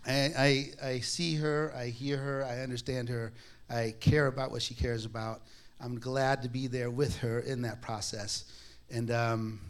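A man telling a personal testimony to a congregation in a conversational, self-deprecating way, acting out the dialogue he quotes. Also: medium pitch. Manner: frequent restarts and laughs. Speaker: speaker sharing a personal testimony. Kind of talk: sermon-style personal storytelling.

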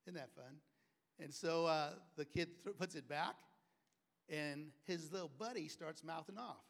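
A man preaching a sermon, telling stories and acting out quoted speech with loud, emphatic bursts. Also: on the high side, a little slow. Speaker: pastor.

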